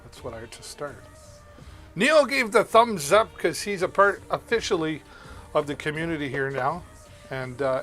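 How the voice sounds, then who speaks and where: An upbeat man hosting a live shopping stream, with a slightly higher voice. He chats loosely with viewers as he demos gear, and soft music plays behind him. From Canada. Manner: upbeat, chatty, greets viewers by name. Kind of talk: live-stream product demo and viewer chat.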